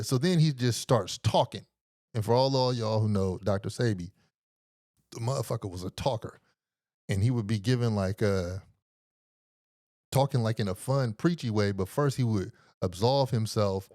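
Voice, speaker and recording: A middle-aged man hosting a podcast, telling a story in a casual, slangy and profane way, animated as he retells it. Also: mid-range voice, a little fast, dry recording, clean studio sound. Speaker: podcast host.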